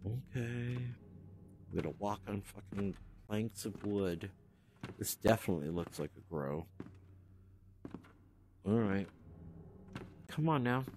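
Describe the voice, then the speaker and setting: A man's voice: fairly low pitch, takes it slowly, pauses often, noisy background. Joking man exploring an old building. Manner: joking, talks aloud to empty rooms. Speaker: cannabis podcast host touring a haunted hotel. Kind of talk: casual walk-through commentary. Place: old hotel building, indoors.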